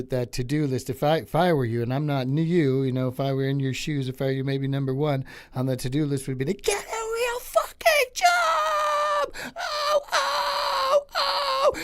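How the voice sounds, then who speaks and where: A man doing an impression of an enraged male comedian, ranting with screaming, cracking high shouts. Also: natural voice.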